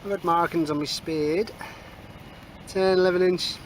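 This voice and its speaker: Man, chatty cheeky commentary, slightly high voice, outdoor noise behind. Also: steady tone, a little slow. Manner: chatty, cheeky asides, says moving on a lot. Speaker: metal detecting vlogger. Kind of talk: casual running commentary while detecting. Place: outdoors in a field.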